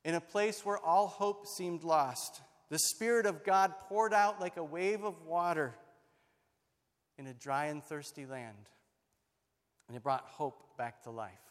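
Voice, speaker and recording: Middle-aged male pastor, high voice, dramatic sermon storyteller; church hall with long echo. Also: measured pace. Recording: long reverb of a large hall.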